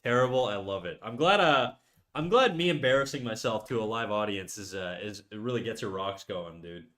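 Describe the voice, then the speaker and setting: This Québécois man, an artist streaming live, has a lowish, slightly bright voice and talks briskly and animatedly. With his Quebec French accent, he jokes at his own expense in relaxed chat, flipping between English and French.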